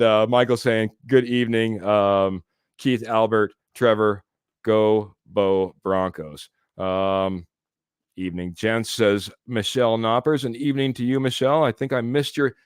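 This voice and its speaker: A man hosts a live sports podcast, reading out viewer comments and chuckling along as he goes. His voice sits on the low side and sounds smooth and resonant. The sound is dry and close to the mic. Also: no room sound. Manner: chatty, laughs often, reads comments aloud. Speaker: podcast host.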